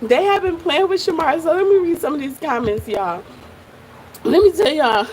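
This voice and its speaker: A woman's voice: high-pitched, lively intonation, normal speed, a little mellow. A woman hosting a reaction video, talking straight to viewers in casual slangy chat. She laughs often and curses freely. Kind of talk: casual commentary on a viral clip.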